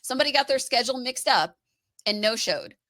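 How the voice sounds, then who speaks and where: Bright-voiced chatty woman, dry sound. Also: sits high, fairly quick, no echo. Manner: chatty, laughs often, animated storytelling. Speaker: co-host of a live stream show. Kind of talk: casual chat.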